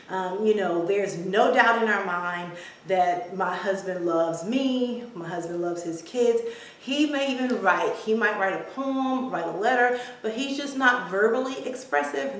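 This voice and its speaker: A woman in her forties telling a family story to her vlog audience in a chatty way, with filler words. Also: mid-range voice. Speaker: vlogger. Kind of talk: casual storytelling to camera. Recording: very echoey room, distant mic.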